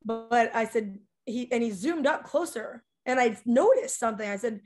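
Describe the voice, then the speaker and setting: A rock singer from South Dakota speaks as a talk-show guest in an animated, rambling way. Her voice sits a little higher than most women's, and she fills her stories with "like" and quick asides. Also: over music. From South Dakota, USA. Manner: animated, chatty, many "like" fillers. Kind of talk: casual storytelling in conversation.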